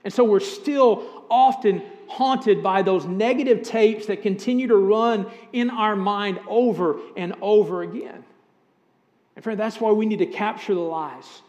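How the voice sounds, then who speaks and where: A middle-aged pastor delivers an earnest sermon, speaking directly to his congregation. His voice sits high for a man, and it rings out with a long reverb through the church sanctuary. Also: measured pace, a little mellow, highs cut off. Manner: earnest, direct address to congregation with scripture readings.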